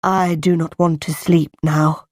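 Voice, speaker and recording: A woman reading the part of a brooding gentleman in a storybook, speaking slowly and gravely, lower than her own voice. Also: flat delivery, dry recording, studio quality. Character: brooding gentleman master of the house.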